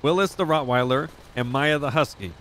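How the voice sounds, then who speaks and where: A man's voice: mid-range voice, normal speed, fairly bright tone, slight background noise. A man chatting in character in a roleplay game, brash and profane but easygoing. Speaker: roleplay streamer playing a rich animal owner.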